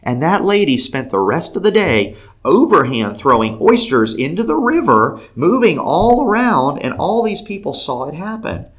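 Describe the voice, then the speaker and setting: Animated storytelling man, lively pitch. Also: moderate pace, hardly any pauses. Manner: acts out quotes with big pitch jumps; laughs between lines. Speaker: guest telling a faith story.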